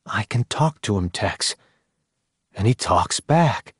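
A calm older soldier with an uncanny, quiet insistence, voiced by a male narrator. He speaks low and steadily, never rising to meet anyone's alarm. The sound is deep-leaning, dry and close. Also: slow pace, slightly rough, no echo, full character voice. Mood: insistent.

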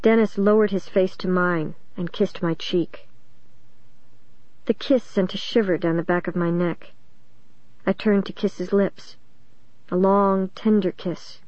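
A woman reading a first-person story aloud in a steady, measured way. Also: mid-range voice, dry recording, muffled recording. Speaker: audiobook narrator.

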